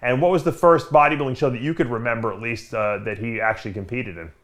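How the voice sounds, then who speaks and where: A man's voice: medium pitch, fast talker, a bit bright. A man hosting a podcast, telling stories in a casual, rambling way with lots of filler words. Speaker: podcast host. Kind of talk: casual storytelling chat.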